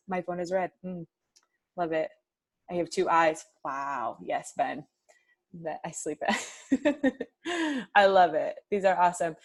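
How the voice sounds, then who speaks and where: A woman teaching an online high school class, chatty and upbeat, reading replies from the chat aloud over a video-call mic.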